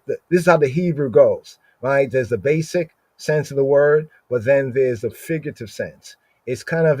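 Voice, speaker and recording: A man teaching from scripture on a livestream, reading Hebrew verses slowly and explaining each word, asking "right?" after nearly every phrase. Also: mid-range voice, warm tone, no echo. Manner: explains Hebrew words aloud, repeats "right?" constantly; slows down to read Hebrew verses. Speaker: Bible teacher.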